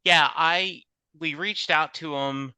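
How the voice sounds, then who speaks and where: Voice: mid-range voice, slow, smooth, dry recording. A podcast host chatting casually with a guest and affirming her with short replies. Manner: relaxed, brief affirmations.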